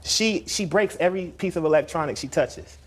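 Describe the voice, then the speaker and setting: A man in his thirties defending himself on a TV court show, halting and repeating words. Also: on the high side. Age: 30s. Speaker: litigant.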